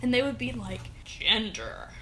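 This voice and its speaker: A woman co-hosting a casual chat podcast, playful and joking with quick asides. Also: fairly high pitch, big pitch swings, bright, forceful tone, a little hiss or hum. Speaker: podcast co-host. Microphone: home audio equipment.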